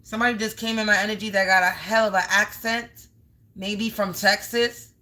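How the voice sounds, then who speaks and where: Bright-voiced woman giving an emphatic card reading. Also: mid-range voice, steady tone, moderate pace, poor audio. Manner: emphatic, strings of synonyms, casual profanity. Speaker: spiritual card reader. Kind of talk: live tarot reading.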